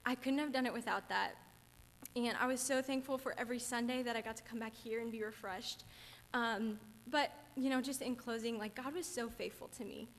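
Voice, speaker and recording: A woman's voice: on the high side, fairly even intonation, a little fast, fairly bright tone, slight background noise. A young woman, a camp counselor, earnestly and chattily sharing a personal testimony in church. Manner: earnest, chatty, gets teary. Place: church sanctuary. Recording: church hall reverb.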